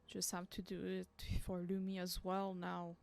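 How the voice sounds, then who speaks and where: A woman on a voice call, speaking in a gentle, reassuring way. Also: fairly low pitch, completely flat delivery, moderate pace, vocal fry. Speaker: call participant.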